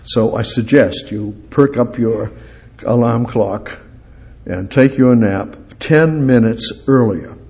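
An older male preacher delivering a sermon and then a prayer. He reads scripture aloud and swings between raised, emphatic bursts and soft, low phrases. His voice sits at a middling pitch. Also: takes it slowly, creaky.

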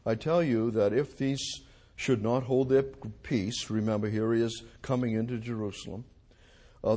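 This man's husky, mid-range voice leads an expository sermon, reading scripture aloud. He moves back and forth between quiet, unhurried phrases and loud, forceful ones.

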